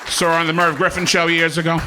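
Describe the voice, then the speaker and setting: A man's voice: on the high side, monotone, fast talker, crowd noise, background noise. A man doing a stand-up comedy set on a comedy club stage, telling self-mocking jokes and chuckling through his punchlines.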